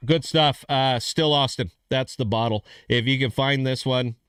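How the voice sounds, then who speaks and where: A man's voice: medium pitch, steady tone, moderate pace, a bit bright, clean tone, dry recording, clean studio sound. A man hosting a casual live stream from in front of a green screen, rambling and repeating himself, calling people "dude" and "man". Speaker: podcast host.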